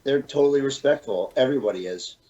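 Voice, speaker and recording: A man's voice: medium pitch, fast, mellow. Man, podcast guest, casual rambling stories, cusses, muffled lo-fi audio. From Florida. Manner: loose, swearing storyteller. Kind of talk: casual chat.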